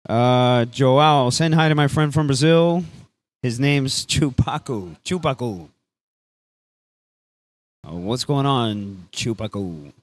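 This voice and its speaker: A man calling a beach tennis match live, casual and excitable, dropping Spanish phrases into his play-by-play. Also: mid-range voice, slow pace, long pauses. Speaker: sports commentator.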